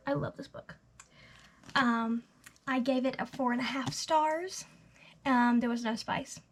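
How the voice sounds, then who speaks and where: An eighteen-year-old book vlogger chats her way through her monthly book review in a high, light voice, gushing and rambling with plenty of "literally" and "like." Her words often trail off into soft, breathy half-whispers, and there's a little hiss or hum in the recording.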